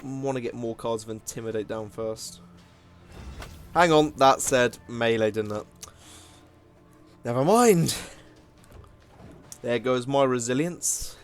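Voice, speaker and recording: A man's voice: mid-range voice, steady tone, a little slow, clear, resonant tone, faint music behind. A man giving casual, self-mocking commentary while playing a card game, often laughing at himself. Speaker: gaming video host.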